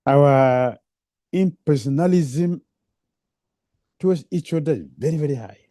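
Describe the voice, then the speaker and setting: A man's voice: on the high side, a little slow, dark tone, dry recording. A man giving a devotional lecture, repeating phrases for emphasis and asking rhetorical questions, in non-native English phrasing. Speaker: preacher.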